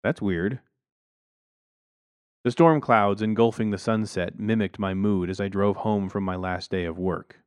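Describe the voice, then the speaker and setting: A man's voice: lowish voice, fairly even intonation, moderate pace, hardly any pauses, clear, resonant tone, dry recording. A man narrating a first-person story in a dry, wry way on a close mic.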